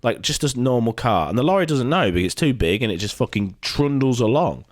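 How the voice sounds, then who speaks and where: A British man co-hosts a podcast, telling a story in casual, animated chat full of swearing and acted-out quotes. His voice is mid-range and a little fast, and the recording is dry with clean studio sound.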